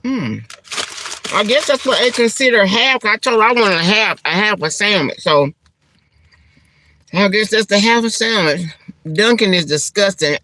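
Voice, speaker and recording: Chatty middle-aged woman, bright voice. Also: mid-range voice, moderate pace, pauses often. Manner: chatty, Southern-style endearments like honey and child; animated and laughing, church exclamations. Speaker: vlogger. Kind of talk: casual mukbang-style chat.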